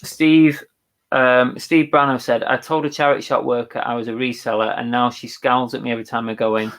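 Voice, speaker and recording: A chatty man co-hosts a casual livestream and reads viewer comments aloud. His voice sits at a middling pitch for a man. He thinks aloud, agrees easily and restarts his sentences as he goes. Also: flat delivery, brisk, fairly bright tone. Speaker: co-host of a live reselling show. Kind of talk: casual live-stream chat, reading viewer comments.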